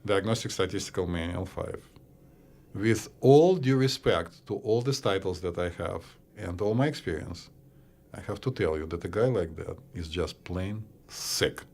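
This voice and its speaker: A man with a Russian accent, a psychiatrist co-hosting a casual podcast chat, blunt and opinionated, often pausing on "uh". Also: low-pitched, a little mellow. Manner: blunt, opinionated, hesitant with uh fillers. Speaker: psychiatrist co-host.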